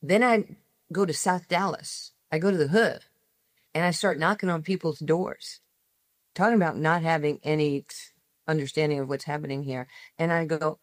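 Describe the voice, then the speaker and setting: A woman in her sixties, a guest telling personal stories in an emphatic way, speeding up in quick bursts. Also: sits low, steady tone, no echo, studio quality. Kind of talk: animated personal storytelling.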